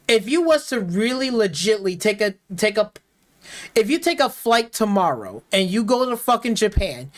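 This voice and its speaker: A heated live-stream rant from a game streamer, swearing constantly and circling back over the same complaints. Mid-pitched and plainly spoken, they now and then slip into mocking put-on voices to parody bad dialogue. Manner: profane, heated, repetitive. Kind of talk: ranting game review.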